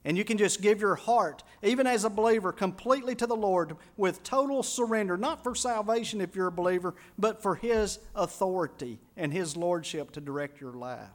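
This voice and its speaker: A male pastor with a notably high voice delivers a sermon. He tells a moving story with drama, acting out each character's lines, and then lowers his voice to lead the congregation in prayer. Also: fairly quick, few pauses.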